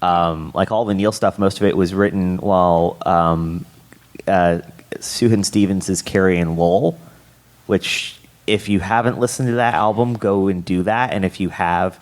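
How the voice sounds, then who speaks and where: A man writer speaking on a panel, rambling and halting, often restarting his sentences. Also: low voice, fairly even intonation. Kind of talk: casual panel talk.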